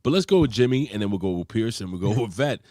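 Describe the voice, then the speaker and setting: A man's voice: quick pace, no room sound, clean studio sound. A man hosting a casual wrestling review show, recapping in a profane, rambling way. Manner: profane, rambling recaps with lively pitch swings. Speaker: host.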